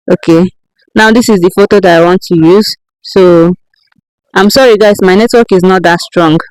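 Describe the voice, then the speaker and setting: A woman explains an app one step at a time, patient and unhurried, stopping often to make sure the viewer is following. Her voice is smooth and clean. It is recorded close and dry, with no room sound. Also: medium pitch, a little mellow, dry recording, low-quality recording. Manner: patient step-by-step instructing, checking in with "okay?". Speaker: tutorial creator. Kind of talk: screen-recorded how-to tutorial.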